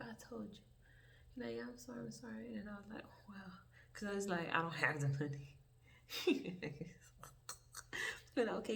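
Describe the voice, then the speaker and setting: A creaky voice of medium pitch belongs to a young woman on a casual storytime vlog, telling a wandering, profane story with lots of animated detours. Faint hiss runs beneath the audio, which comes from a mic set well back.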